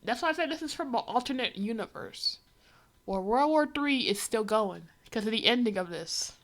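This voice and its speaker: A woman's voice: a little high, lively intonation, normal speed. A woman livestreaming as she reads a comic, giving a rambling, wry running commentary full of fillers. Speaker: livestreamer reading a comic aloud.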